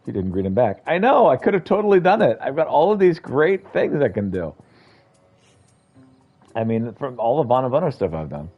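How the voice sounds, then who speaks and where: Over dull, lo-fi stream audio with faint game music, a man with a mid-range voice at normal speed plays through a game. He animatedly voices each character's lines, shifting into different voices and accents.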